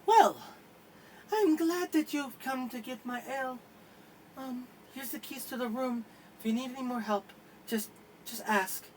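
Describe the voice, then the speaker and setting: A man putting on a shy high-voiced barmaid. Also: a little slow, long pauses, slight background noise, low-quality recording.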